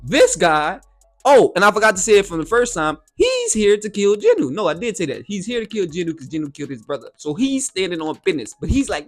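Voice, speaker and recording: A man talks through an anime episode in a loose, slang-heavy reaction style and keeps checking in with his listeners. His voice sits a little high and swings widely in pitch. Soft music plays faintly underneath. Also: brisk. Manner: slangy, animated, repeats "you feel me". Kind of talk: casual anime reaction and review.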